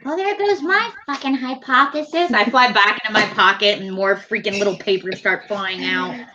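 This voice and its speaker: A woman's voice: medium pitch, moderate pace, highs cut off, slight background noise. A woman player joking casually during a tabletop game. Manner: joking, animated.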